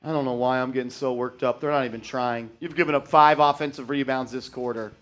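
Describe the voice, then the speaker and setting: A man hosting a fan live stream, calling play-by-play and getting loud and profane when his team messes up. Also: medium pitch, fairly quick. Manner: excitable, shouts and swears at bad plays.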